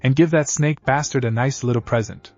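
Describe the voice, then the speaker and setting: A man's voice: mid-range voice, fairly quick, a little mellow, no room sound, soft background music, lightly acted. Guy reading a bitter young ninja boy, plain read-aloud lines, muffled audio. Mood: weary.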